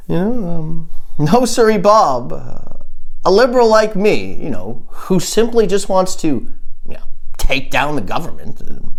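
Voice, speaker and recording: Hoarse man, wildly swooping pitch. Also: big pitch swings, measured pace. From Canada. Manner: rambling, chuckles at his own jokes. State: hoarse, sore throat. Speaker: podcast host. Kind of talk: satirical comedy monologue.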